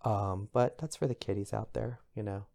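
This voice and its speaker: A man's voice: moderate pace, creaky. Chatty, gossipy man hosting a podcast. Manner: chatty, gossipy and expressive, with bursts of high-pitched exclamation. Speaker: podcast host. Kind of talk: casual pop culture commentary.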